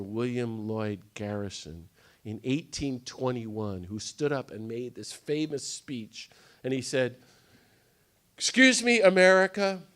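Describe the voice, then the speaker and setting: A man giving an impassioned talk to a live audience, often jumping into the voices of the people he quotes. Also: mid-range voice. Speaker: speaker on nonviolence. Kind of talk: animated lecture to a live audience. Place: conference hall.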